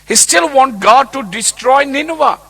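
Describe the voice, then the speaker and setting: Preacher guy, high voice, bouncy and animated, acts out the bible story. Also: normal speed, creaky. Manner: animated storytelling, acting out the characters. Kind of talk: sermon on a Bible passage.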